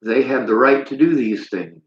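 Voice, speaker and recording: Hosting a livestream, a man rants bitterly and preachily while reading chat comments aloud. He speaks at a medium pitch and a moderate pace. The audio is lo-fi, dull, and roomy.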